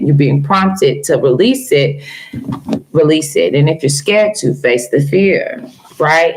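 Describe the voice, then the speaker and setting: A woman's voice: fairly low pitch, slight background noise, rough recording. A woman giving a casual live-stream tarot reading, speaking affectionately to her viewers with features. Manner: affectionate, calls viewers girl and honey. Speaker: tarot reader.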